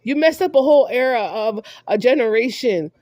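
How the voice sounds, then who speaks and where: A woman's voice: fairly high pitch, animated, moderate pace, a little mellow, no room sound, clean studio sound. A woman vlogger delivering a heated monologue, scolding someone directly and repeating herself for emphasis.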